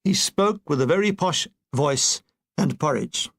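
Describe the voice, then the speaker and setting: A man reading a war memoir aloud as an audiobook, telling it in a wry, expressive way. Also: fairly high pitch, measured pace. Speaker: audiobook reader.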